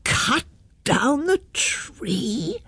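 Booming bossy mayor, read by a woman. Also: lively intonation, slow, dry recording. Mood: outraged. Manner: loud and commanding. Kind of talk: storybook read-aloud.

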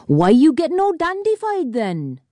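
A woman voicing a jeering Welsh male miner who speaks in a high, taunting way. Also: huge pitch swings, moderate pace, warm tone, no echo, studio quality.

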